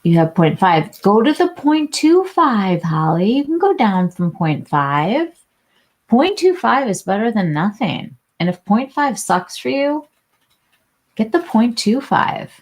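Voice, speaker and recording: On a laid-back beauty livestream, a woman with a medium-pitched voice and big pitch swings talks unhurriedly. She reads out viewer comments and addresses people by name, with lots of fillers and false starts.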